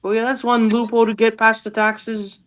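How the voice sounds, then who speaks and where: A man's voice: high-pitched, flat delivery, fairly quick, a bit bright. A man in casual political chat, making short interjections and blunt remarks.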